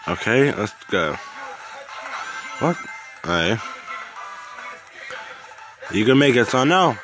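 A man's voice: mid-range voice, big pitch swings, slow pace, music in the background. A man in a casual fan video, talking loosely and unscripted, swearing and exclaiming while he plays a game. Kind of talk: playful toy role-play and gaming chat.

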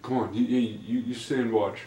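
A man's voice: medium pitch, steady tone, brisk, mellow, slight background noise, close to an everyday voice. A young man dubbing a movie scene as a cocky, joking dude who wants to be the hero, talking in a laid-back slacker way. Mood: sneaky. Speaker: amateur fan dubber. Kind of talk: goofy amateur movie dub. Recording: echoey room recording.

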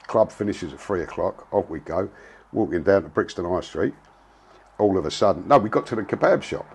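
A man's voice: low voice, lively intonation, brisk, creaky, slightly rough. A man, telling a story in a blunt, casual way, full of slang and swearing. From England. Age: 60s. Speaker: interviewee.

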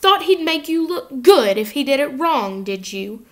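A woman's voice: high voice, a little slow, pushed and bright. A woman voicing a cold, sneering male potions teacher who snaps his words in a clipped, scornful way in an audiobook reading. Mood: snapping.

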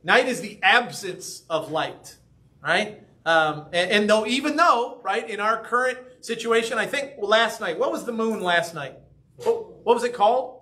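Male pastor, sermon, high pitch, bright voice, chatty asides to the congregation. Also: unhurried. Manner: conversational, frequent "right?" and "okay?" asides. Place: church sanctuary.

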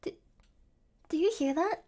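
A woman's voice: measured pace, warm tone. A young woman streaming from her apartment by an open window, flustered, giggling and swearing as she chats. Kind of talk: casual livestream chat. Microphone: headset mic.

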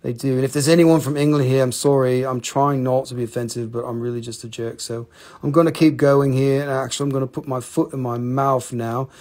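A man's voice: medium pitch, fairly even intonation, fairly quick, darkish tone. A man hosting a live-stream rock and mineral sale, talking casually into a handheld phone, joking, teasing viewers and swearing freely.

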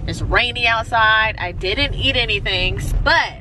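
A woman's voice: fairly high pitch, measured pace. Young woman vlogging from a noisy car. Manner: candid, frank, swears often, many "like" fillers. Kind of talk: casual vlog talk to camera. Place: inside a car. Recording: car and road noise behind.

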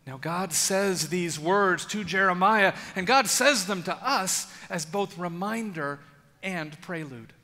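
A man preaching in a large church with a high, bright voice. He speaks earnestly and intimately, leaving dramatic pauses. A long reverb trails after his words. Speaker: pastor. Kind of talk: sermon.

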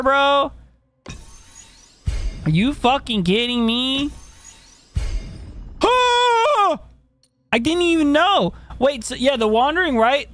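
Cursing young man playing a video game. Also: extremely high pitch. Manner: profane, excitable outbursts. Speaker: gaming streamer. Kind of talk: let's play commentary. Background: game music.

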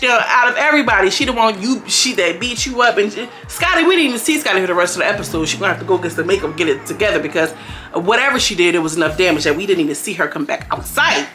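A young woman giving a casual recap of a reality show, animated and slangy, often slipping into voices for the people she quotes. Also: medium pitch, quick pace, soft background music. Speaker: reality TV reviewer.

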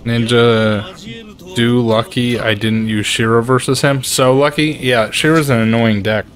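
A man streaming a video game, reacting loudly, swearing in frustration and chatting with his viewers. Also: mid-range voice, fairly even intonation, unhurried. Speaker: gaming streamer. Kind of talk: live gameplay commentary reading chat.

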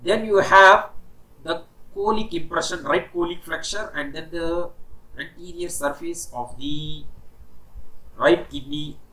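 A man teaching an anatomy lesson with a fairly high, bright and forceful voice. He walks through the material step by step, repeating key terms and pausing on "okay" before moving on. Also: poor audio. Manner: explanatory, repeats key terms, stops and restarts, says "okay" often. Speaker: anatomy lecturer. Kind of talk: recorded medical lecture.

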